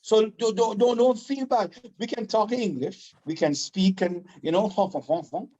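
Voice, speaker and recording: A man with a Vincentian accent, from Saint Vincent, chatting casually as a guest, animated, proud and fast-talking. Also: high voice, lo-fi sound, a little hiss or hum. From Saint Vincent and the Grenadines. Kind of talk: casual chat.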